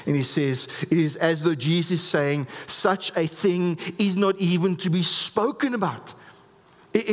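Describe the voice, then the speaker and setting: Earnest man preaching in a reverberant hall. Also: a little high. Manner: earnest, emphatic preaching with frequent restarts. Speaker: pastor. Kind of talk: sermon.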